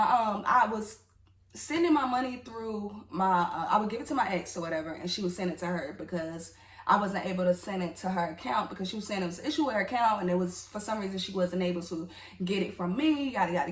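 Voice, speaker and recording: A woman's voice: medium pitch, far from the mic. A woman telling a personal story in a casual, candid storytime vlog, talking straight to her viewers with emotion. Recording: echoey room, voice off-mic.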